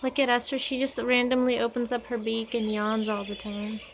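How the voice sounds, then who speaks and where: A woman's voice: fairly high pitch, completely flat delivery, normal speed, a little hiss or hum. A woman filming her pet birds at home, cooing to them in sing-song baby talk. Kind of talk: casual home video, talking to pet birds.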